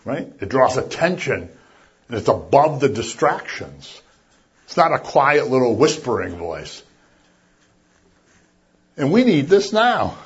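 A man preaching a sermon in a conversational way, with jokey asides and sudden loud bursts of emphasis. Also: mid-range voice, very animated, slow, long pauses, breathy edge, muffled recording. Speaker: pastor.

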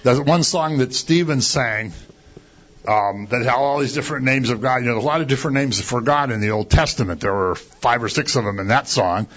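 A man's voice: medium pitch, a little fast. A man preaching a conversational sermon, acting out complaints and firing rhetorical questions. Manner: animated, acts out quoted complaints, rhetorical questions. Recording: dull lo-fi recording.

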